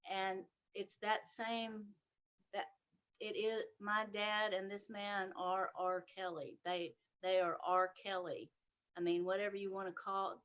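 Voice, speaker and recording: A woman's voice: mid-range voice, fairly bright tone, dull audio. Middle-aged woman sharing a personal story. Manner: halting, with many restarts and trailing phrases; earnest and emotional, voice rising at intense moments. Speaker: speaker in a sharing circle. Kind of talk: personal testimony, casual.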